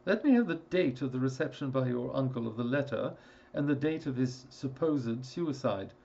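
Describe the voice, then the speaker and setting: A man doing a crisp, formal Victorian detective. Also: medium pitch, lively intonation, normal speed, darkish tone, lo-fi sound. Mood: intent. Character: sharp, attentive Victorian male detective.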